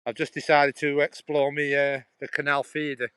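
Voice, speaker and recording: Walking a canal path with his phone, a middle-aged English vlogger chats to live-stream viewers in a Stoke-on-Trent Potteries accent, dropping H's, rambling, chuckling and restarting phrases. His voice is on the high side, a bit bright and clean, with a flat delivery at a moderate pace. There's no room sound, but the recording quality is low.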